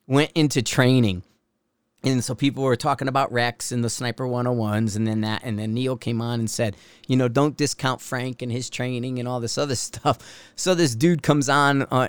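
Male podcast host, rambling and chatty, acts out quoted exchanges, crisp voice, dry sound. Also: a little high, dry recording. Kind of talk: casual podcast monologue.

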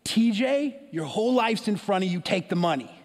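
A man voicing a blunt, chain-smoking woman stranger with a raspy, husky voice, heard with a long hall reverb. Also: very high voice, normal speed, pitched above the performer's own voice, exaggerated voice. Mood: stern.

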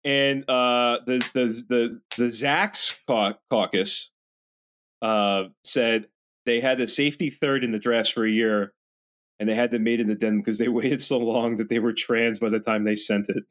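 Male podcast co-host, mid-pitched, profane and rambling, prone to quick animated impressions. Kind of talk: casual chat.

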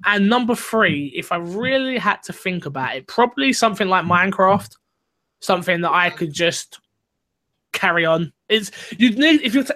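A man's voice: sits high, bright, forceful tone. A young man hosting a gaming podcast, chatty and rambling in a casual way. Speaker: podcast host.

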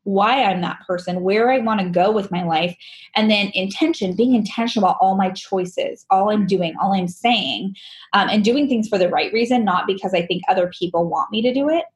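A woman's voice: medium pitch, normal speed. A woman guest telling her personal story candidly, laughing often and acting out the dialogue. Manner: animated, laughs often, acts out quoted dialogue.

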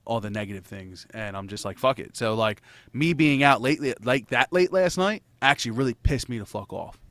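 A man's voice: medium pitch, animated, fairly quick, a bit bright, dry recording. A man in casual chat, telling a rambling, profanity-laced story and laughing between lines.

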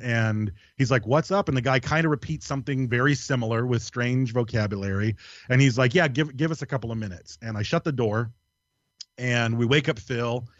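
A man tells a story with a guest's loose energy, swearing freely and laughing along with himself. His voice sits at a middling pitch. The recording is dry and a little dull. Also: no room sound. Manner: animated, profane, laughs through his story. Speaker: podcast guest. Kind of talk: casual storytelling.

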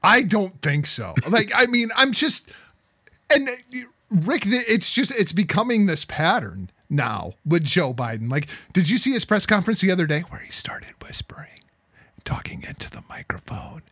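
A man co-hosting a heated political talk podcast, profane and exasperated, swinging between loud outbursts and low muttering. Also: sing-song, normal speed, breathy edge, no echo. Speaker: podcast co-host.

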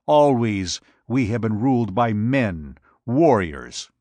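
A man doing a gruff, mocking giant warrior. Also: on the low side, very animated, slow, a little mellow, no echo. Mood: gruff, taunting. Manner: gruff, taunting. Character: giant male usurper warrior, defiant and mocking. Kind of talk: audiobook narration.

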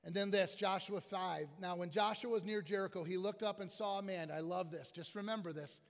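A man with a notably high speaking voice delivers a sermon, bringing his anecdotes to life by playing out the people in them. His voice echoes through a large church sanctuary with a long, lingering reverb. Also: fairly even intonation, fairly quick, fairly bright tone. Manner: storytelling with acted-out quotes and asides. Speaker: guest pastor.

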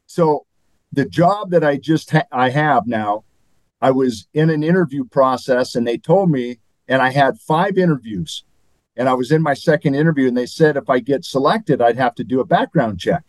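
A man's voice: medium pitch, normal speed, darkish tone, no echo, low-quality recording. An older man, a former athlete and guest, telling stories in a rambling, chuckling way. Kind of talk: anecdotal interview storytelling.

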